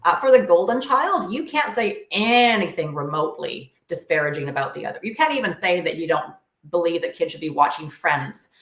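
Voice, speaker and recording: A woman guest coach explains advice in an earnest, emphatic way, leaning on fillers as she thinks aloud. Her voice sits a little low. The recording has a roomy echo. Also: animated, a little fast, few pauses, fairly bright tone. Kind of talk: interview conversation, explaining advice.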